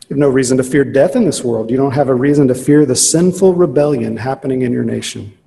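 A man preaching a sermon, earnest and emphatic, slowing down on key phrases. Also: medium pitch, gravelly, warm tone, slight background noise. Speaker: pastor. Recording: long reverb of a large hall.

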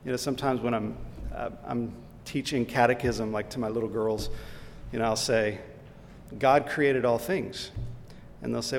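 A man's voice: fairly even intonation, normal speed, vocal fry, pauses often. A man preaching a sermon as pastor, asking the listeners questions and pressing his points with emphasis. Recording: hall reverb, faint rumble.

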